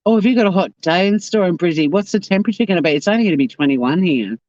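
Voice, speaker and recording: A woman's voice: on the low side, expressive, racing, a little mellow, no echo, highs cut off. An Australian woman with a South Australian accent hosting a casual livestream, rambling bluntly and swearing as she reads out comments. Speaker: YouTube livestream host.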